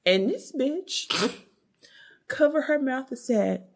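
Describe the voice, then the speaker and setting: High, lively woman gossiping. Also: takes it slowly, gravelly. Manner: animated, laughing, acts out quotes in high squeals. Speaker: co-host. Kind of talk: casual gossip chat.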